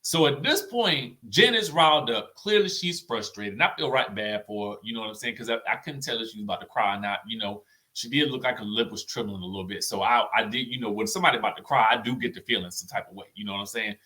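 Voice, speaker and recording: A man hosting a casual reality-TV recap, chatty and animated, often tagging his sentences with "okay?" and "you know what I'm saying?". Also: fairly low pitch, fast. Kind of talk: casual commentary vlog.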